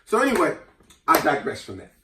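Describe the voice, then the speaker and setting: A man's voice: a little high, brisk, background noise. A man telling a fable and giving life advice in casual chat, acting out the characters as he goes. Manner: animated storyteller acting out characters' voices. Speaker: host. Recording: echoey room, mic at a distance.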